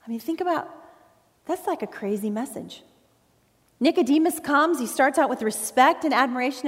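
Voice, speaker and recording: A woman pastor preaches a sermon in an earnest, emphatic way, leaning on pauses. Her voice sits a little high. It rings out with a long reverb, recorded in a church sanctuary.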